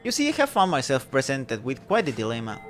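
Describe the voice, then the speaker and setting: A man voicing a flustered woman village mayor who sounds fretful, prim and high-strung. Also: huge pitch swings, quick pace, faint music behind.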